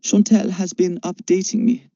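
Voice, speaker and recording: A cool, detached mentor with a German accent asks calm, probing questions, played by a man. He speaks higher than the reader's own voice, with a dark, dull tone. The recording is dry and lo-fi. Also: moderate pace, creaky, no room sound. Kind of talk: audiobook character voice.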